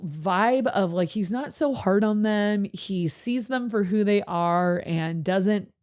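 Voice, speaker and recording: A woman youth pastor chatting casually, telling lively stories and jumping into high voices when she quotes people. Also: slow. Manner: animated storyteller, jumps into high voices when quoting others. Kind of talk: casual podcast chat.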